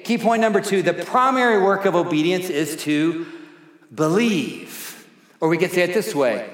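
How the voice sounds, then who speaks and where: A middle-aged pastor preaching a sermon in a church, slow and emphatic, repeating his key phrases. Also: high voice, a bit bright. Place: church sanctuary. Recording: echoey hall reverb.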